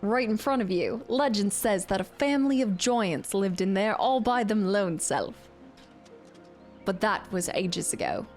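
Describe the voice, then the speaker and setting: A woman's voice: mid-range voice, animated, a little slow, a little mellow, soft background music, close to an everyday voice. A woman voicing a grasping, pompous male landlord in a shaky put-on British accent that drifts toward Australian. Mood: scheming.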